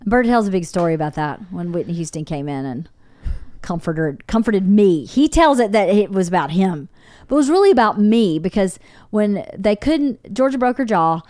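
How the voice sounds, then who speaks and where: A middle-aged woman hosting a podcast, telling a story with animated quoted voices and casual swearing. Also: mid-range voice, moderate pace, no echo. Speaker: podcast host.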